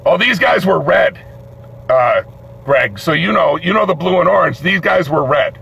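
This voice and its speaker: A man hosting a live show, telling a story in an animated way, swearing and acting out the voices in it. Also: a little high, moderate pace, vocal fry, slightly rough. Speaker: host. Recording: dull lo-fi stream audio with faint noise.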